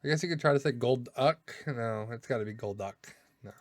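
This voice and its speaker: A YouTuber casually reads through a list of names, racing along in a mid-range voice with no echo. He muses aloud and second-guesses how he's pronouncing them.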